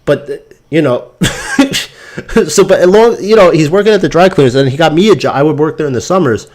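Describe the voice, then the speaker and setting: A man's voice: a little high, normal speed. A man hosting a crypto stream, telling stories in a casual, rambling and profane way, ranting and sounding exasperated. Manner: profane, animated storytelling.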